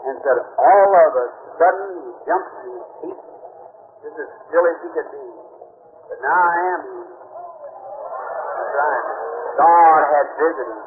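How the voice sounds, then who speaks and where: Folksy preacher on tinny tape. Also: male voice, on the high side, a little slow, pauses often. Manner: folksy, repeats words, earnest storytelling. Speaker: evangelist preacher. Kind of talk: sermon with storytelling. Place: revival meeting before an audience. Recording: tinny lo-fi archival recording with hiss.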